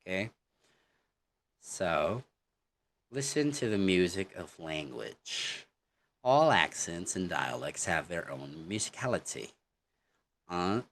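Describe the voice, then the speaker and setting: A man teaching an online English lesson, explaining deliberately and often checking in with "okay?". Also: low-pitched, a bit bright.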